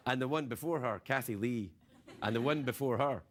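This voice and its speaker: A man's voice: medium pitch, fairly quick, very noisy. A man hosting a late-night talk show, rambling through a playful, self-mocking comedic monologue in a television studio. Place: television studio with live audience.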